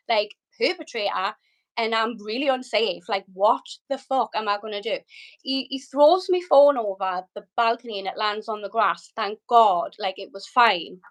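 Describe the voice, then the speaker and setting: A woman's voice: a little high, poor audio. A British woman, a podcast guest, tells a personal story with vivid emotion, frequent swearing and many "likes". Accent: British English. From Britain.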